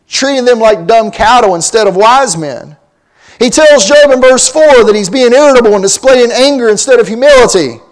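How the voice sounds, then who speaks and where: A man with a notably high voice preaches a sermon. He reads passages of old-fashioned scripture aloud, then explains them in plain, emphatic talk, asking his listeners rhetorical questions and repeating key points.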